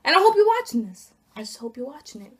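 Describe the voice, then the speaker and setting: A young woman vlogger telling an indignant, animated story about being fired, acting out each side of the conversation. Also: a little high, fast talker, breathy edge. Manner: indignant, animated retelling with acted quotes. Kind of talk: casual storytime rant.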